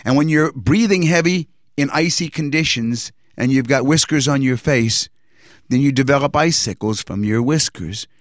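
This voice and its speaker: A man's voice: mid-range voice, no room sound, clean studio sound. Earnest man telling his testimony. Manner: earnest, reflective retelling with pauses and restarts. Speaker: person giving a religious testimony. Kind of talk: personal testimony storytelling.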